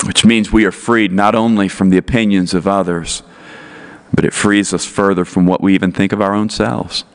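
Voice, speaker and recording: A male pastor preaching a sermon in an earnest, emphatic way, pressing his points with repeated rhetorical questions. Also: low voice.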